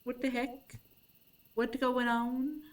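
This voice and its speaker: A woman voicing her annoyed, confused house cat as it grumbles in a slightly higher voice. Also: flat delivery, slow pace, recorded from a distance. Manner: indignant, baffled grumbling.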